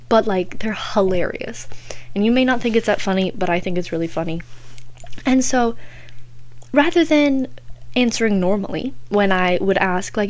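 A young woman hosts a podcast, telling stories in a giggly, chatty way full of "like". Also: medium pitch. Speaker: podcast host. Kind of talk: casual chat.

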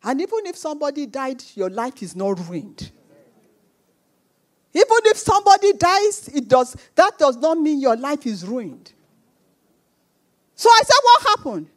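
A woman delivering a sermon in a high, animated voice that swings widely in pitch. She speaks slowly and with emphasis, repeating her phrases. She acts out the voices of the people in her stories. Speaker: preacher.

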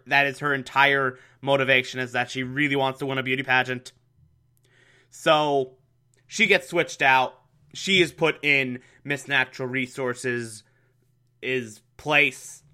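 A man's voice: a little high, pushed and bright, clear, resonant tone. A man giving a casual, amused recap of a TV episode, often breaking into laughter.

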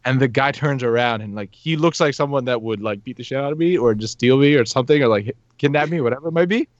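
A young man rattles through a story at a quick clip, animated and breaking into laughter, acting out the people in it. His voice is dry and close, with a slightly dull, lo-fi sound. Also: medium pitch, no echo. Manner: animated, laughs often, acts out quotes. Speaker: podcast guest telling a story. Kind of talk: casual storytelling.

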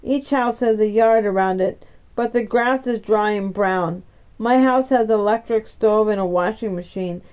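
A woman's voice: medium pitch, normal speed, darkish tone, clean tone, natural voice. Woman reading an argumentative young boy. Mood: plain. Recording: dull lo-fi recording.

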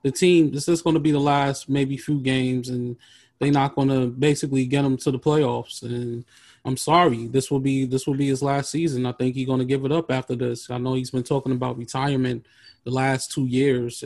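A man co-hosting a casual sports talk show, relaxed and hesitant, restarting his sentences. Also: mid-range voice, normal speed, no echo. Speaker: podcast co-host.

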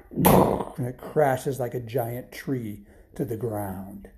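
A man reading a bedtime story aloud, animated and dropping to whispers for suspense. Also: mid-range voice, slow pace.

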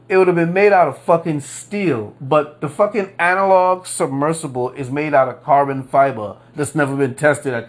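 A man hosting a casual solo podcast, ranting in disbelief, profane and rambling, with lots of repeats and fillers. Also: fairly high pitch. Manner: drawn-out disbelieving emphasis. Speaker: podcast host.

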